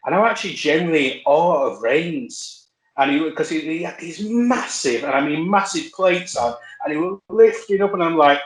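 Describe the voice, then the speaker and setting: A man's voice: a little high, moderate pace. A man telling rambling, self-correcting stories as a podcast guest. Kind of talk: casual anecdote chat. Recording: roomy echo.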